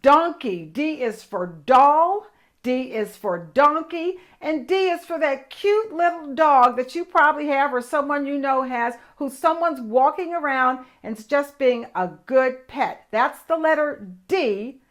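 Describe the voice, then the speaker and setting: High-voiced older woman teaching kids. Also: lively intonation, a bit bright. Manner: enthusiastic, exaggerated, slow demonstrative. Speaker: children's show host and teacher. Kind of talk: children's lesson.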